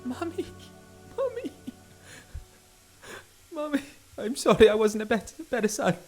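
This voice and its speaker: Man putting on a sobbing man-child, very high, whiny, loud, swooping. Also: big pitch swings, unhurried, faint music behind, full character voice. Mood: wailing. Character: grown man wailing like a sorry little boy.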